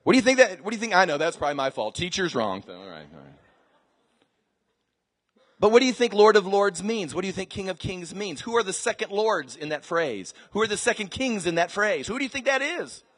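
High-voiced preacher man in echoing hall. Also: very animated, fairly quick. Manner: dramatic swings from quiet asides to shouted scripture. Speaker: pastor. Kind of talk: sermon. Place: large church hall with live congregation. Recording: church sermon recording with long reverb.

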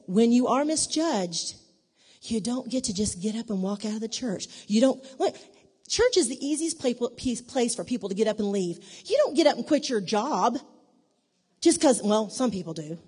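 A woman giving a conversational church teaching in an animated way, acting out the dialogue in her stories. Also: a little high. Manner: animated, acts out quoted dialogue. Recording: long reverb of a large hall.

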